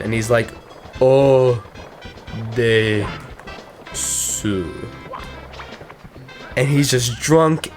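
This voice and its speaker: A gaming co-host in casual let's-play chat, rambling and cursing while retelling a film plot. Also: medium pitch. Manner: rambling, profane, retells a film with quoted voices.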